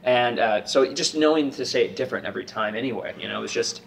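A man's voice: medium pitch, fast talker, gravelly. Man, casual podcast chat, rambling, jokey, distant mic, faint background noise. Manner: rambling, jokey, animated when quoting. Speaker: podcast co-host, stage actor.

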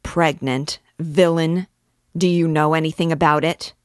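A woman's voice: a little mellow, dry recording, studio quality. A woman reading aloud and voicing a brooding, stern male archdeacon, grave and commanding. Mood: furious. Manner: grave, commanding, low and measured, erupting in anger. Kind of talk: audiobook character reading.

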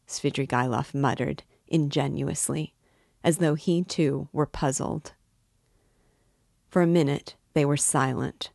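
A woman reading a novel aloud as a guide, narrating in a measured, even way. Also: deep voice, creaky, no room sound, clean studio sound. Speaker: book reader and guide.

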